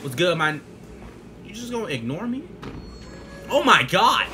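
Hyped young man yelling over gameplay. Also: sits high, big pitch swings, measured pace, pauses often, music in the background. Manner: hyped, shouting trash talk at opponents; laughing, joking to himself. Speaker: gaming video creator. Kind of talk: live gameplay commentary. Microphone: desk mic with face cam. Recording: game sounds loud behind the voice.

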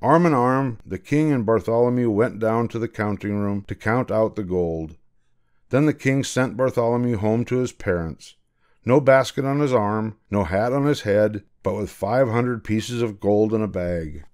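A man's voice: on the low side, moderate pace, darkish tone, clear, resonant tone. Older man reading a storybook aloud. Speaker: grandfather reading a picture book.

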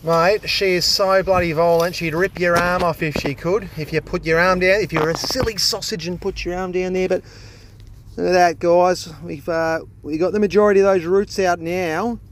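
Chatty Australian tradie, a bit high. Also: male voice, steady tone, normal speed, noisy background. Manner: chatty and jokey, swears casually. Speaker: plumber filming his job. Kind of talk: casual on-the-job vlog. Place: outdoors at a drain. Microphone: handheld phone.

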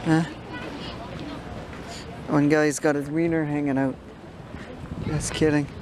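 A man's voice: a little high, little pitch movement, slow. An older man rambling casually as he vlogs with a handheld camera outdoors in a city. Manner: rambling, chatty, sidetracked. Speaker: vlogger. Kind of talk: casual vlog narration. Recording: noisy outdoor camera audio.

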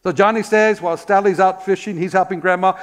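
High-voiced man preaching a sermon. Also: steady tone, fast talker. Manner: storytelling with rhetorical questions and calls of amen; repeats words when searching for them. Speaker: pastor.

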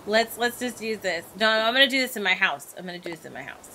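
A young woman gaming YouTuber giving casual, excitable, self-mocking commentary as she plays. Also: mid-range voice, quick pace, noisy background. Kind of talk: casual let's-play commentary. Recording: faint game music behind.

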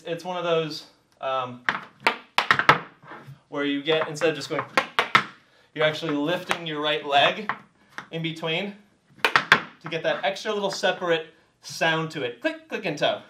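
A man's voice: fairly high pitch, recorded from a distance, heavy background noise. A man teaching a dance step while demonstrating it, out of breath, encouraging and laughing often as he counts the beats. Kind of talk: casual tutorial while demonstrating steps.

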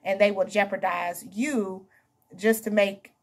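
Female tarot reader, mid-pitched and a little husky; casual, emphatic, talks straight to her viewers. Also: steady tone, a little slow. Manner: chatty, talks to viewers as "honey" and "baby"; emphatic, repeats herself. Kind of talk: casual tarot reading to camera.

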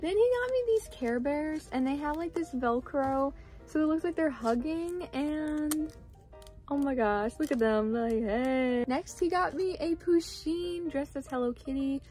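A young woman with a high voice chats through a casual haul vlog. She gushes and exclaims over each item, her talk full of fillers. Soft music plays faintly under her voice. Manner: gushing, excitable, lots of "like" and "oh my gosh". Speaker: vlogger.

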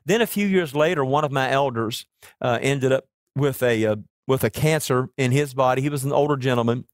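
Dry-voiced pastor preaching earnestly. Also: male voice, medium pitch, no room sound. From Oklahoma. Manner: earnest storytelling preacher, slows down to stress key words. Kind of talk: sermon.

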